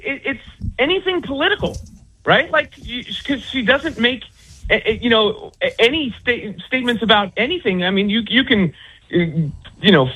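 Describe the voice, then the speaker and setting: A man's voice: high voice, bright, forceful tone, husky. A man who writes about sports, speaking as a guest on a call-in interview, rambling with many restarts and fillers. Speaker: author and sports commentator. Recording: tinny phone line.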